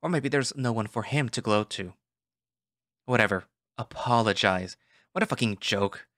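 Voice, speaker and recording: A man's voice: lowish voice, moderate pace, no room sound, studio quality. A man reading a visual novel aloud, narrating an irritated first-person inner monologue. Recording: voice over loud background music.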